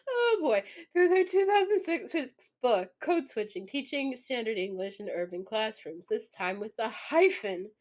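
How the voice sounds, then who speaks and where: A woman with a high voice reads an academic article aloud on her stream, stopping to riff on it. She talks casually, piling up "like" and "you know". She swings between gleeful laughter and mock outrage. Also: animated, measured pace, few pauses, darkish tone. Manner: casual, full of likes and you-knows. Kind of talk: reading an academic article aloud with live commentary.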